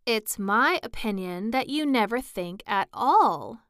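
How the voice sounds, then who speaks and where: A woman's voice: a little high, expressive, slow pace, smooth, no room sound, clean studio sound. A woman voicing a prim, severe female rose flower in a storybook reading, with a lecturing manner.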